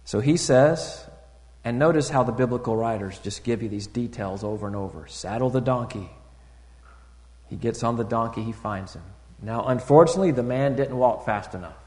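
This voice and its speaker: A man preaching in a church, his voice carrying a long reverb through the hall. He talks like he is chatting with his congregation, with plenty of ums and restarts. He swings from soft, low asides to loud, high bursts of emphasis. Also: fairly quick. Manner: conversational preaching with fillers and restarts. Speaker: pastor. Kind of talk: sermon.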